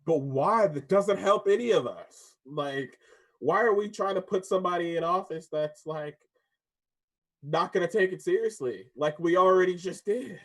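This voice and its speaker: A young man co-hosting a casual debate podcast, telling stories with lively energy and frequent laughs. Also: high voice, moderate pace. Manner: animated storyteller, laughs often, acts out voices. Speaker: podcast co-host.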